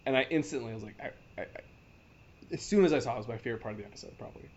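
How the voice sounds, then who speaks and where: A man's voice: medium pitch, animated, creaky, darkish tone, husky. A man co-hosting a casual podcast chat, talking eagerly with many restarts and stumbles. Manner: enthusiastic, halting with many restarts. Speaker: podcast co-host. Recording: dull lo-fi sound with faint noise.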